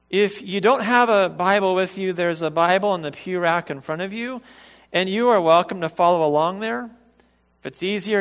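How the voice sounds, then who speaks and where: High-voiced pastor preaching slowly. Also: male voice, fairly bright tone, long reverb tail. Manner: earnest, measured preaching with emphatic repetition. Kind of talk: sermon. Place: church sanctuary.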